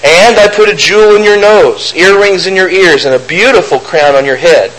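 High, bright-voiced male preacher. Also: normal speed, poor audio. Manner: reads scripture aloud, then explains with rhetorical questions; mocks opponents' arguments in a raised voice. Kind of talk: sermon.

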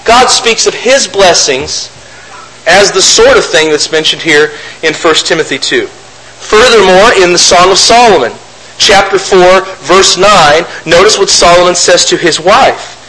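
A man's voice: sits high, lively intonation, a little slow, sharp tone, low-quality recording. A man preaching a sermon, reading scripture aloud and then explaining it with rhetorical questions. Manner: mocks opponents' arguments in a raised voice.

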